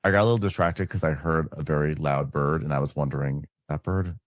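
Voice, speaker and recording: A man co-hosting a casual recap podcast from home, animated and quick to mimic people in high mocking voices. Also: dry recording, studio quality. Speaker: podcast co-host. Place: home room.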